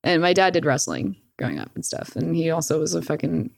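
Young woman, lowish voice, dry close sound, loose profane storyteller. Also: brisk, vocal fry, no room sound. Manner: profane, filler-heavy with "like"; animated retelling with laughs. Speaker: streamer guest. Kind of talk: casual storytelling.

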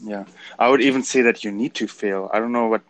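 A man's voice: lowish voice, fairly even intonation, fairly quick. A man with a German accent, co-hosting a casual motivational chat and laughing easily. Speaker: co-host.

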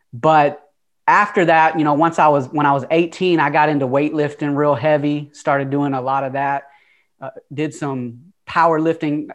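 A man in his twenties from Atlanta with a Southern accent, telling his life story earnestly as an interview guest. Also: fairly high pitch. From Atlanta, USA. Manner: open, earnest, conversational with fillers.

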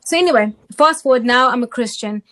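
Higher-voiced woman telling her story. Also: a little fast. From South Africa. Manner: animated storyteller, often checks in with "okay?". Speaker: interview guest. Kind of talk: personal testimony storytelling.

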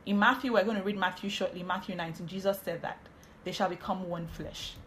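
A woman's voice: mid-range voice, steady tone, fast, a little hiss or hum. A woman, hosting a podcast and giving a casual, chatty Bible teaching on marriage, often drifting into asides.

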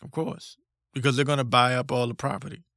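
A man's voice: mid-range voice, little pitch movement, rapid-fire, a bit bright, dry recording, studio quality. A man hosting a solo podcast, ranting in a blunt, profane, combative way. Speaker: podcast host.

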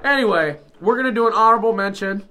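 Young male co-host, high and bright, casual and jokey, running the chat. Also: fast. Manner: jokey, introduces the others. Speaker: podcast co-host.

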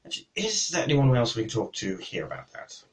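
Guy playing a knight at the table, pitch swings lots, low-ish voice. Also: fast talker. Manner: animated, jokey, in-character as a knight. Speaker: player. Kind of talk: tabletop game chat.

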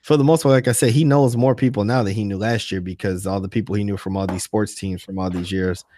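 A man's voice: on the low side, steady tone, quick pace, warm tone, slight background noise. A man co-hosting a podcast in casual chat, easygoing and offhand. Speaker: podcast co-host.

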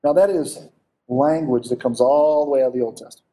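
Man preaching with a mellow voice. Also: medium pitch, brisk. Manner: animated, conversational preaching with rhetorical questions. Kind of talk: sermon.

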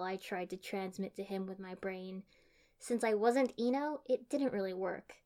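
A woman's voice: medium pitch, slow pace, darkish tone. A woman reading first-person fan fiction aloud in a dry, matter-of-fact manner. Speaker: audiobook reader.

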